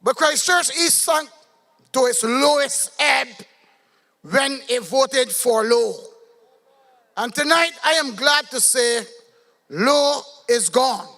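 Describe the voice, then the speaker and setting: A Barbadian man from Barbados giving a measured, pointed political rally speech. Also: extremely high pitch, bright, forceful tone, long reverb tail. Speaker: political candidate.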